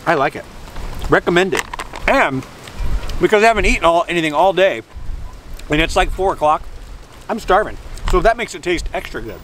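A man's voice: high voice, lively intonation, brisk, pauses often, fairly bright tone, low-quality recording. Chatty man reviewing food outdoors. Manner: rambling, chatty, jokey asides. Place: outdoors by the water, sitting near a road. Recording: outdoor traffic and vehicle noise.

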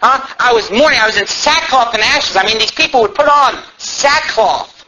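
A man preaching a sermon to his church, swinging from low asides to loud, fervent calls. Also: expressive, normal speed. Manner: shouts and climbs high when fervent, mocking asides. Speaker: pastor. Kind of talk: fiery sermon. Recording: dull low-fidelity church recording, faint hiss.

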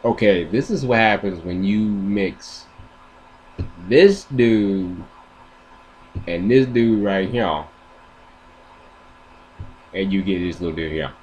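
A man's voice: low voice, expressive, takes it slowly, long pauses, darkish tone, a little hiss or hum. A man vlogging, rambling and joking in casual slang. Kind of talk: casual comedic commentary.

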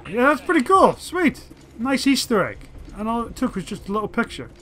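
Guy doing a let's play, pretty high voice, gets hyped fast and curses a lot. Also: a little hiss or hum. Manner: excitable, profane, talks to his dog companion. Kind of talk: casual gameplay commentary.

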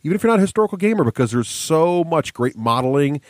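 A man's voice: fairly high pitch, very animated, fast, a little mellow, no echo, clean studio sound. A man hosting a podcast, chatting casually and enthusiastically. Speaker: podcast host. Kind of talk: casual chat.

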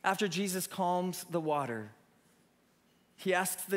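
Male preacher, higher voice, lively storytelling sermon, restarts often. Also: unhurried, pauses often. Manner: animated storyteller, many restarts.

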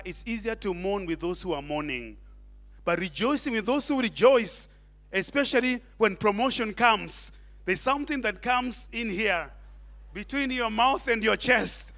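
A middle-aged man preaching a sermon, animated, tossing in Swahili asides and questions to the congregation. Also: high-pitched. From Kenya. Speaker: pastor.

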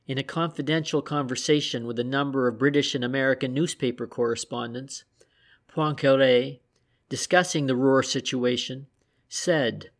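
Man reading an audiobook, measured pace. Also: medium pitch. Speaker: audiobook reader. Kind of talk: audiobook narration.

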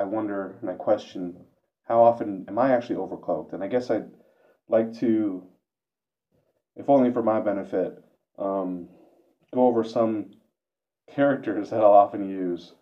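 Low-voiced guy thinking out loud, hesitant, keeps restarting, kinda muffled lo-fi sound. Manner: hesitant, self-questioning, many restarts. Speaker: vlogger. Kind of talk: reflective monologue. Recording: dull lo-fi recording.

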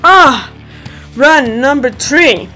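Shrieking high-voiced young woman gamer. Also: extremely slow. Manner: excitable, shrieking and laughing a lot. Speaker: gaming channel host. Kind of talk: screaming VR gameplay commentary. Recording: game music underneath.

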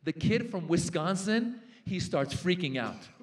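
A man in his forties doing a stand-up comedy set on a festival stage. He tells his stories with animated character voices for the punchlines. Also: high-pitched, a little slow. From Iranian-American. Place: large festival stage with live translation.

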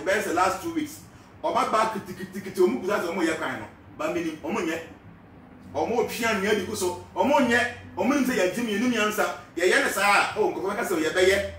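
Animated Ghanaian man, echoey and distant. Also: sits high. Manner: animated, switches between Twi and English, asks rhetorical questions. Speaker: live show host. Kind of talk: casual political commentary. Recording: echoey, far from the mic, faint background noise.

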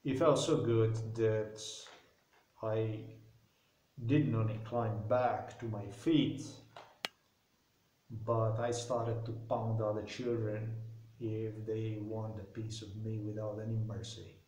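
A man's voice: fairly low pitch, level tone, slow, dark tone. A man telling a rambling personal anecdote, loose and profane, full of fillers. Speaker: storyteller. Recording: roomy with faint noise.

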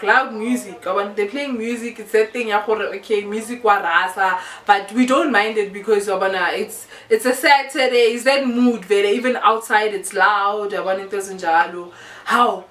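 A young South African woman with a South African accent, telling a casual story-time tale with lively, animated delivery and mixing in local words. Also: a little high, moderate pace, far from the mic. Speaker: YouTuber. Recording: echoey room, a bit off-mic.

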